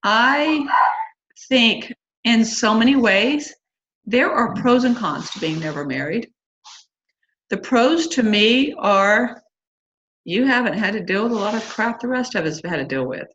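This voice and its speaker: Hosting a church singles class, a middle-aged woman speaks at a measured pace in a slightly high, expressive, somewhat bright voice. Her talk to the group is casual and candid, packed with fillers and asides, and the slightly dull lo-fi recording carries a little hiss or hum.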